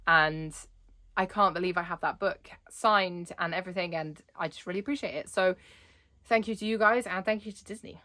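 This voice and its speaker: A woman's voice: medium pitch, bright, forceful tone. A young adult woman chatting in a vlog, bubbly and rambling, laughing often as she talks. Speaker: Disney vlogger.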